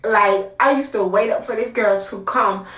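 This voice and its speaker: A woman's voice: medium pitch, moderate pace, a bit bright. A young adult woman telling a personal story in a casual, candid way, with many fillers. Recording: roomy sound from a distance.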